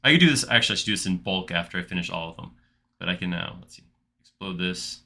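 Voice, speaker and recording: A man with a low, very bright and forceful voice hosts a live modeling tutorial. He chats casually and thinks out loud, restarting his sentences as he clicks through the work. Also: lively intonation, fast talker, creaky. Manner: chatty, thinks aloud with restarts while clicking. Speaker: livestream host modeling in software.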